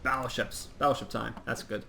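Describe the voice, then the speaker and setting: Gravelly man casting a strategy game. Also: mid-range voice, fairly even intonation, a little fast, sharp tone, slight background noise. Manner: rambling, chatty, with frequent ums and uhs; self-mocking humor. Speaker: game caster. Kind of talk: casual play-by-play game commentary.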